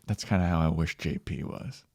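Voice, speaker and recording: A man co-hosting a movie review podcast in casual chat, relaxed, laughing often, with many fillers. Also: a bass voice, normal speed, gravelly, dry recording, clean studio sound. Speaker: podcast co-host.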